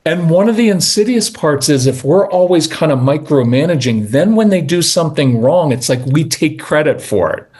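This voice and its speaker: A man's voice: a little high, expressive, darkish tone. Earnest storytelling middle-aged man. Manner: earnest, storytelling, slows down for emphasis. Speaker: parenting guest. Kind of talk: conversational interview.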